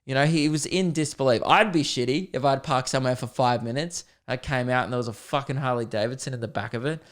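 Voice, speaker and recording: A young podcast host with a clear, resonant voice, sitting neither high nor low in pitch. He tells an animated comic story, poking fun at himself and swearing casually as he goes. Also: fast talker. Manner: animated, self-deprecating, sweary.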